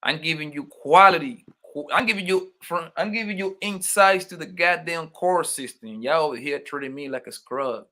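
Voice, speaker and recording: Man, livestream host, bright forceful voice, playful slangy banter. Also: fairly high pitch, moderate pace. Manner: loose slangy banter, calls everyone "man", playful teasing. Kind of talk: casual livestream chat, reading viewer names.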